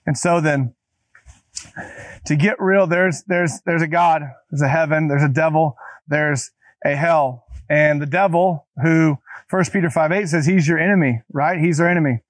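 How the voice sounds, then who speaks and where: A man's voice: on the high side, normal speed, no room sound. Man preaching a casual, emphatic sermon. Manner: emphatic, repeats key phrases for effect; casual, talks directly to listeners. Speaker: pastor. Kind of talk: conversational sermon.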